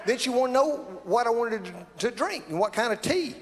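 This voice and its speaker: A man's voice: very high-pitched, lively intonation, a little fast, long reverb tail. A man from South Alabama with a Southern American accent, telling a comic story to a live audience in a folksy, exaggerated way. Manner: folksy, exaggerated, breaking into laughter. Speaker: comedian.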